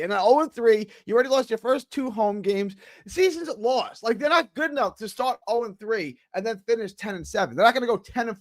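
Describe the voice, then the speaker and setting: On a casual sports talk show, a man rants in plain exasperation, stumbling over restarts. His high voice swings widely in pitch. The sound is close and dry, with no room tone or echo.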